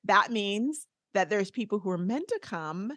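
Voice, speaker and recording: Animated woman chatting on a podcast. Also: mid-range voice, a little slow, no echo, studio quality. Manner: chatty, animated storytelling with laughs. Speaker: podcast co-host. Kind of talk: casual chat.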